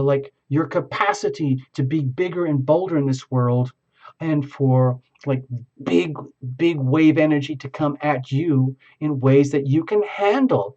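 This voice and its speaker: A man giving a tarot reading in a rambling, halting, effusive way. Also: on the high side, darkish tone, dull audio. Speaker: tarot reader.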